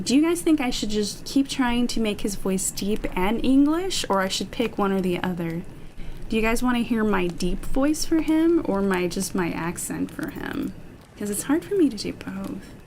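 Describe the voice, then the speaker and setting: A woman's voice: fairly high pitch, darkish tone, a little hiss or hum, poor audio. A woman VTuber chatting casually with her viewers between ASMR readings, with laughing asides.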